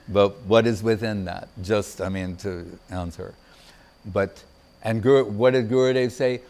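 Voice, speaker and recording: An older man giving a reminiscing devotional talk as a spiritual teacher, pausing often and searching for his words. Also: on the low side, a little mellow. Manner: halting, searching for words, many pauses.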